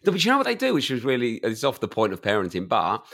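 A man co-hosting a podcast with a croaky voice, talking in a jokey, animated way and swearing now and then. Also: mid-range voice, fast talker, crowd noise. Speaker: podcast co-host. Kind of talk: casual chat.

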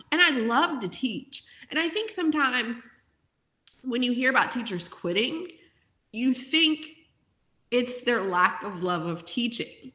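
A woman's voice: high voice, expressive, a little slow, pushed and bright, echoey room. A woman in her forties, a former teacher, talking in an interview in an outspoken, emotional way with many fillers. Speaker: guest, former teacher turned content creator.

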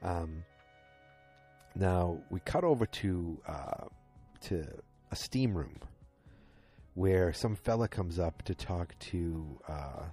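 A man with a low, slightly husky voice talks through a TV episode recap in a loose, casual way. He sounds tired and rambles, often stopping to correct himself. Soft music plays faintly in the background. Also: expressive, slow, long pauses. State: tired and yawning late at night. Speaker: podcast host recapping a TV episode.

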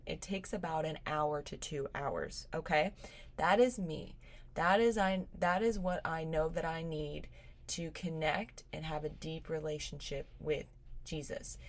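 A young woman hosting a faith podcast, speaking earnestly and encouragingly in a casual, heartfelt way. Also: lowish voice. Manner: earnest and encouraging, gets teary and laughs. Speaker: podcast host. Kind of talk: casual devotional podcast talk.

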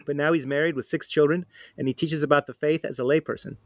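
Brief: male podcast host, friendly, reflective interviewer, a touch high-pitched. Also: steady tone, quick pace, no echo. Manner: friendly, thoughtful, with fillers. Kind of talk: casual interview chat.

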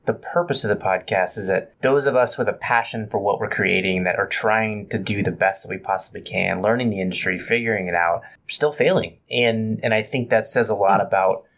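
Blunt low-voiced podcast host man. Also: a little fast, hardly any pauses, a bit bright. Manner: blunt, swears casually. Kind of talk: casual interview chat.

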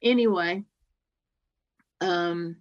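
A rather low-pitched woman recounts her own story as an interview guest, rambling and circling back with fillers and "anyway". She keeps slipping into the voices of the people she quotes. The recording sounds dull and lo-fi. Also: drawn-out words. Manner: animated, acts out other people's words in quotes. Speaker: guest telling a personal story. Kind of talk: personal testimony storytelling.

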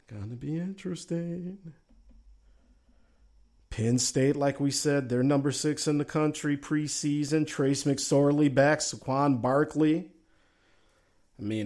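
A man's voice: mid-range voice, a little mellow. A man with a Southern accent hosting a casual sports talk show, musing aloud and reading chat messages in a folksy, drawling way.

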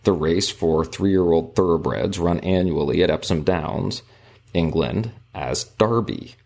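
A man co-hosting a podcast, reading aloud from a local history book in a measured, deliberate way. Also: deep voice, vocal fry, darkish tone. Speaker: podcast co-host.

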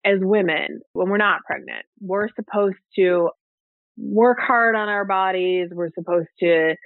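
A woman's voice: medium pitch, unhurried, vocal fry, dry recording. Woman podcast guest, chatty storyteller, heavy "like" filler, tinny phone-quality audio, dry. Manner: chatty, fills speech with "like" and "you know". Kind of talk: casual storytelling in an interview.

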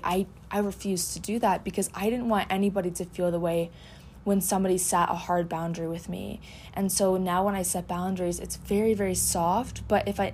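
A woman's voice: fairly low pitch, a little mellow, slight background noise. A woman hosting a casual podcast, talking in an earnest, heartfelt way about communication and boundaries. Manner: earnest, repetitive, heartfelt phrasing. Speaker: podcast host. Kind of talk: casual reflective chat.

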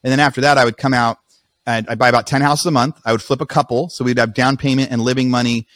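A man speaking as a podcast guest, racing through his story at a quick clip. His voice sits in a middle register and sounds close and dry. He often stops and restarts mid-sentence. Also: medium pitch, no room sound. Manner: rapid, animated retelling with restarts. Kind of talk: casual storytelling.

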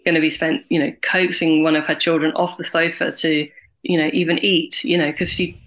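Bright, forceful woman in her 40s, chatty and lively, does little voices for other people. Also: deep voice, low-quality recording. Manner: animated, acts out other people's lines in quick voices. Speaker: guest, carer and writer. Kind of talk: candid conversational interview.

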